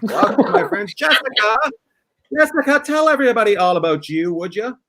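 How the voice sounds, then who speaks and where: Lively, bright man hosting a game show. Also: a little fast, a loud crowd. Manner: mock-grand, swoops between big highs and low asides. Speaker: podcast host running a comedy game show.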